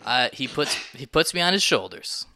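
A man improvising on a comedy podcast, telling a rambling deadpan story in character as an army general. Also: medium pitch, normal speed, no room sound, clean studio sound. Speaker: improv guest playing a general.

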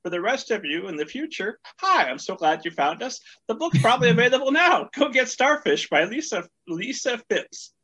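Bright, high-voiced joking man host. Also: sing-song, moderate pace, hardly any pauses, breathy edge, lo-fi sound. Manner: jokey, playful, stumbles over words. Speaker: podcast host. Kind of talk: chatty podcast interview.

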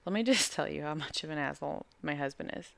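Woman, fairly low voice, dry close podcast mic, swearing, animated storytelling. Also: fast talker, gravelly, dry recording. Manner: animated, profane, acts out quotes. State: pregnant. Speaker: podcast co-host. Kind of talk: casual storytelling chat.

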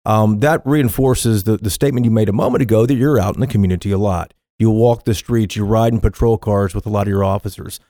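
A man interviews a guest on a podcast. His voice is low-pitched and recorded dry and close. He talks conversationally, with fillers and small restarts. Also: fast talker, few pauses, dark tone, no room sound. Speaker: podcast host.

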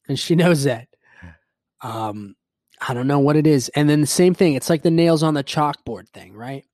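A man's voice: fairly high pitch, darkish tone, no echo, studio quality. A man hosting his own show, rambling in a casual solo rant, swearing freely and mocking his own grumpiness. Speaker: podcast host.

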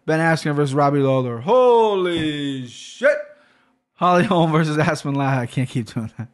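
Profane, excitable man ranting on a podcast. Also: a little high, quick pace. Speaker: podcast host. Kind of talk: solo podcast rant. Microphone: studio podcast mic.

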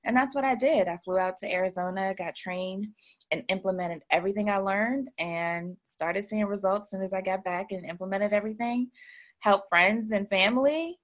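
A woman's voice: mid-range voice, moderate pace. A woman who runs a credit repair business, chatting as an interview guest and telling her story with many fillers. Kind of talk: casual interview talk.

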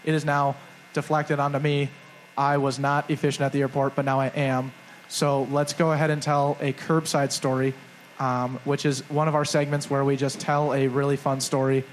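A man's voice: medium pitch, little pitch movement, normal speed, a little hiss or hum, low-quality recording. A young man co-hosting a live podcast show on stage, telling a rambling, self-mocking story and acting out the quotes. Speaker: podcast co-host. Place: live stage before a crowd.

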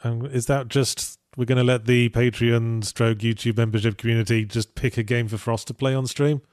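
A man's voice: mid-range voice, steady tone, moderate pace, darkish tone, no echo. A man co-hosting a podcast in casual chat, dry and sardonic. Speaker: podcast co-host.

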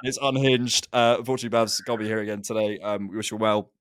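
A man hosting a casual football podcast, chatting with quick laughs and restarts. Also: on the low side, level tone, a bit bright, clean tone. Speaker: podcast host.

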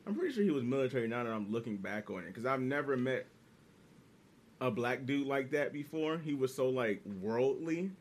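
A man's voice: medium pitch, fairly quick. A young man rambling through stories in casual podcast chat. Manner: rambling, animated storyteller.

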